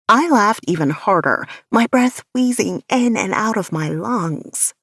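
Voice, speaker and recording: A woman narrating an audiobook in the first person with a measured, softly intimate delivery. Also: on the low side, expressive, dry recording, clean studio sound.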